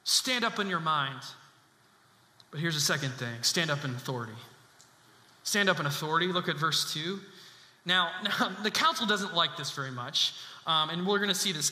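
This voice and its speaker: A male pastor with a high, very bright and ringing voice preaches with emphatic conviction, often repeating his key lines. He is heard in a large church space, with strong echo and a long reverb tail. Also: expressive, normal speed. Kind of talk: sermon.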